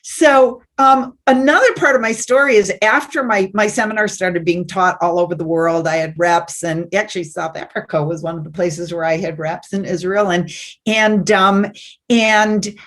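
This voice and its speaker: Podcast guest, woman, animated storyteller who slips into voices for quoted people. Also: medium pitch, normal speed. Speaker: guest, success teacher. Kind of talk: personal storytelling.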